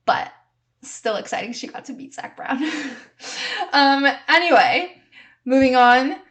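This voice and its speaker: A young woman with a slightly high voice hosts her own podcast in loose, casual chat. She rambles cheerfully through snarky hot takes, giggling now and then and peppering her talk with "like" and "um.". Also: animated, unhurried, a bit bright. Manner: chatty and giggly, heavy use of "like" and "um". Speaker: podcast host.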